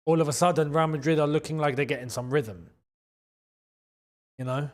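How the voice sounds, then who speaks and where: A young man with a London accent hosting a live football watchalong, chatting in slang and breaking into excited shouts at big chances. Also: fairly high pitch, moderate pace. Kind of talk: live match watchalong commentary.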